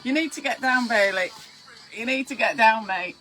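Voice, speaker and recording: A woman's voice: a little high, moderate pace, pushed and bright, poor audio. A woman hosting a casual live stream, chatty and giddy, fussing over her pets between greetings to viewers. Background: faint Halloween music.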